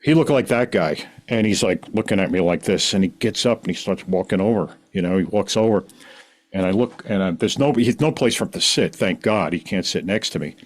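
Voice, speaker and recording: A middle-aged man with a fairly low voice talks casually as a podcast guest. He rambles through a personal story in an animated way, now and then acting out the voices of the people in it. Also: a little fast.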